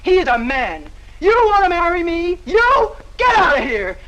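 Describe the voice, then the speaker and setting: An actress playing a young woman who mocks her older suitor with shrill scorn in a 1940s film. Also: big pitch swings, unhurried, background noise, full character voice. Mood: contemptuous. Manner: mocking, shrill and sneering. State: laughing hysterically.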